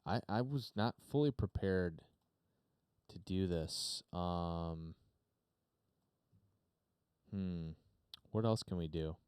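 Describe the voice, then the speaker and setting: A man's voice: sits low, slow, long pauses, darkish tone, smooth, dry recording. A man hosting a podcast, chatting unscripted on a live stream from his home studio, rambling with lots of fillers and casual swearing. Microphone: desk mic through a mixer.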